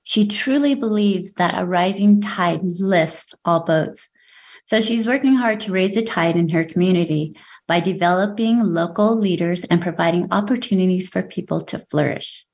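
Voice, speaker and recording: A woman's voice: fairly low pitch, moderate pace, a little mellow. A woman hosting a podcast, bubbly and enthusiastic, chatting casually with a guest. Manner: bubbly, enthusiastic, leads breathing exercises. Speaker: podcast host. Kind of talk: casual chat.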